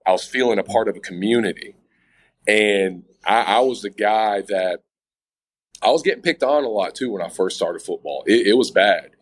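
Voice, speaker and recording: A man's voice: fairly low pitch, normal speed, rough recording. A man being interviewed, telling a personal story in casual chat, often restarting his sentences and talking straight to the listeners. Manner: stammering restarts, addresses listeners as guys. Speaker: interview guest.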